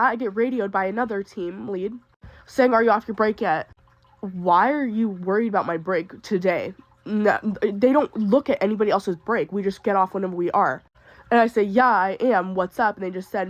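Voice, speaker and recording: A woman's voice: on the high side, dry recording, highs cut off. A young adult woman who works retail tells a storytime in exasperated, ranting bursts, sick and upset. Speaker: retail worker. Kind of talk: storytime venting video.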